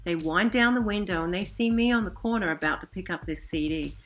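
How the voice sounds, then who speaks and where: A woman's voice: fairly low pitch, fairly quick. A woman in her forties telling a personal story casually, rambling with many fillers and asides. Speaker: vlogger.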